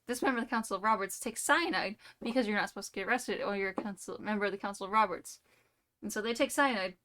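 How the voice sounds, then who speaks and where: A woman's voice: mid-range voice, a bit bright. A young woman streamer, playful and giggly, rambling through an improvised story.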